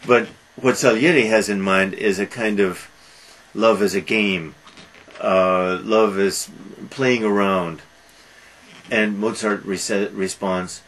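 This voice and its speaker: A man lecturing about a film, talking haltingly with frequent restarts and fillers. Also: on the low side, fairly even intonation, a bit bright, poor audio.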